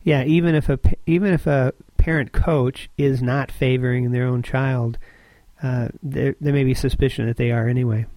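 A man hosting a podcast interview, responding in a thoughtful, measured way. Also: mid-range voice, steady tone, dark tone, dry recording. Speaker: podcast host. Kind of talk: interview conversation.

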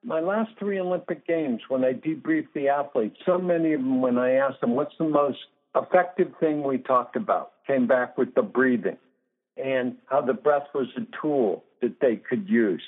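A man's voice: medium pitch, moderate pace. A man in his sixties, a guest sports psychologist in a phone interview, talking emphatically and laying out numbered points. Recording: tinny phone line.

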